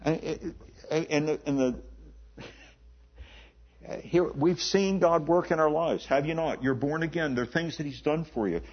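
Husky conversational male preacher. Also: a little high. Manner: conversational, repeats words, slows to stress scripture. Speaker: pastor. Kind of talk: sermon. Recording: dull lo-fi recording.

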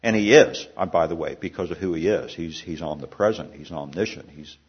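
A man's voice: sits low, brisk, slightly rough, muffled recording. A man preaching a sermon in a conversational way, asking the congregation questions and restarting phrases as he goes. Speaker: pastor.

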